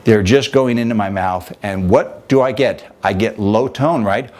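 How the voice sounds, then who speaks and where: A man's voice: on the low side, a little slow, few pauses, a little mellow. A man teaching as a vocal coach, talking in a conversational, demonstrative way. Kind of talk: instructional talk with vocal demonstrations.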